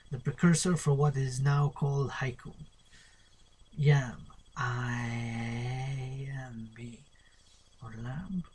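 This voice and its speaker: A man's voice: mid-range voice, mellow, breathy edge. A man reading a poetry glossary aloud, spelling out terms and improvising experimental poems, playful and drifting into murmurs. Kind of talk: solo spoken-word poetry lesson.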